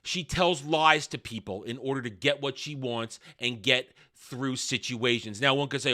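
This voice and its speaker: A man's voice: medium pitch, moderate pace, few pauses, bright, forceful tone. A man giving a ranting video review of a TV show, sarcastic and scornful in his delivery. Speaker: film and TV reviewer.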